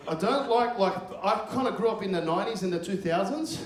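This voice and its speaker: A man's voice: high voice, animated, fairly quick. A man in his thirties doing crude, rambling stand-up comedy as the host, swearing freely. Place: comedy club stage before a live crowd. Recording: echoey club with crowd noise.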